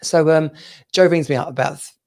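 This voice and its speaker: Guy co-hosting a dad podcast, gravelly voice, rambly, laughs a lot, video call. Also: a little high, steady tone, brisk. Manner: rambling, repeats words, laughs often. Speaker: podcast co-host. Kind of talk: casual chat.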